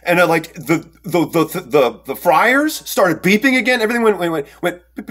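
A young man telling a personal story in a rambling, animated way, with lots of fillers and restarts, and acting out the quotes. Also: high-pitched, fairly quick, few pauses. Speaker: storyteller recounting an encounter. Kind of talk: casual first-person storytelling.

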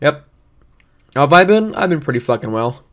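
A young man vlogging casually from his bedroom, rambling and swearing with a deadpan, sarcastic manner. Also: on the high side, normal speed. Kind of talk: casual vlog chat. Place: home bedroom.

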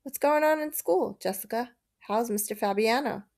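A woman voicing a stern, quick-tempered lawyer father in a storybook reading. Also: fairly high pitch, gravelly, darkish tone. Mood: brisk.

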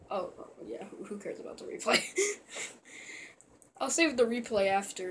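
A man casually commentating a let's-play video, rambling and excitable, often trailing off into mumbled asides. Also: sits high, slight background noise. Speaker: gameplay commentator.

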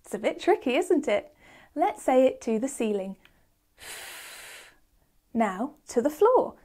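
Woman teacher doing a kids phonics lesson, high voice, slow and sing-song. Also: very animated, warm tone. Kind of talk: scripted children's lesson.

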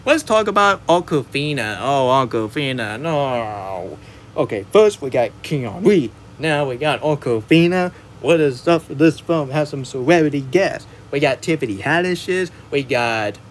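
A man's voice: medium pitch, a little hiss or hum. A man reviewing a movie in a casual spoken rant. He is rambling and emphatic and often restarts his sentences.

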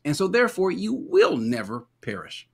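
Husky man debating with stammers. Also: sits high, huge pitch swings, normal speed. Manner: earnest, stammers and repeats words. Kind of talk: theological debate.

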